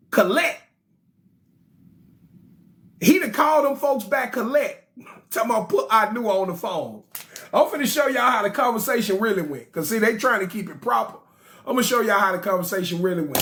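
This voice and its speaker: Animated joking male storyteller. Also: high-pitched, moderate pace. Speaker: study group leader. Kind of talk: comic retelling and reading of an ancient text.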